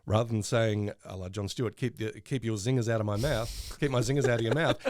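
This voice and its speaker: A man's voice: on the low side, fairly even intonation, fast talker, darkish tone, no room sound, studio quality. A man co-hosting a casual podcast, joking and wandering into asides. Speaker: podcast co-host. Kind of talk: casual chat.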